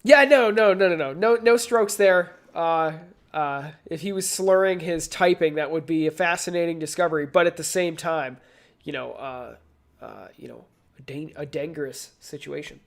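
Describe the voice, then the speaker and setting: A man's voice: fairly high pitch, moderate pace, gravelly. Rambling male co-host, filler-heavy. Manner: rambling, many fillers and restarts. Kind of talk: casual chat on a live show.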